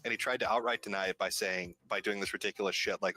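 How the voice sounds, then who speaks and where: Male commentator, quick and punchy, lowish voice with a bright, forceful edge. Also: steady tone. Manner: fast, emphatic, profane. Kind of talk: casual commentary.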